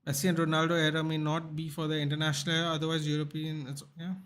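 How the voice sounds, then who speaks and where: A man's voice: a little high, racing. A young man hosting a live football watchalong, reacting casually to the match and chatting with viewers. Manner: animated, chatty, reacts to the game and reads chat.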